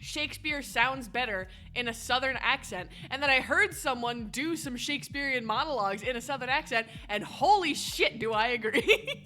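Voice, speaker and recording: A woman's voice: sits high, lively intonation, moderate pace, sharp tone. A woman streamer chatting casually over gameplay, laughing often. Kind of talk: casual live-stream commentary.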